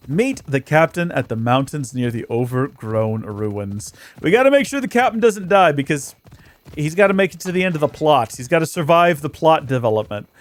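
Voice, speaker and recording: A man's voice: fairly high pitch, sing-song, normal speed. A man hosting a let's play, giving chatty, joking gameplay commentary with self-mocking asides.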